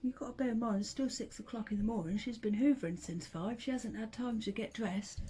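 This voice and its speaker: This vlogger and mother, middle-aged, talks briskly in a fairly high voice with a dark tone. Her casual family storytelling is full of laughter, and she sometimes lowers her voice to a whisper. The recording is low quality.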